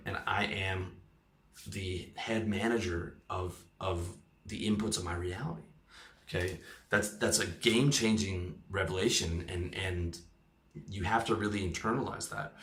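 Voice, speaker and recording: A man's voice: deep voice, a bit bright, roomy sound. A man coaching in a motivational talk, emphatic, often checking in with "okay?" and "right?", and swearing casually. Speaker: lifestyle coach.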